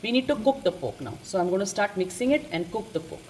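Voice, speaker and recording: A woman's voice: medium pitch, expressive, quick pace. A woman hosting a home cooking lesson, chatty and correcting herself as she explains each step in her kitchen. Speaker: cooking channel host. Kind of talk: casual cooking demonstration. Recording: loud kitchen noise behind. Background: frying and sizzling sounds.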